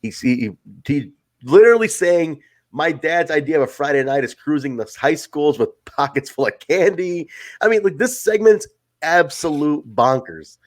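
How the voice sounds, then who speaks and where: A man co-hosting a casual wrestling review podcast, excitable and swearing freely, acting out quotes as he talks. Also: on the high side, normal speed. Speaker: podcast co-host.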